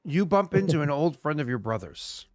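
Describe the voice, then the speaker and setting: A man's voice: fairly high pitch, sing-song, normal speed, a little mellow, dry recording, studio quality, faint music behind. Rambling male game master. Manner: rambling, filler-heavy. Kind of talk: narrating a tabletop game.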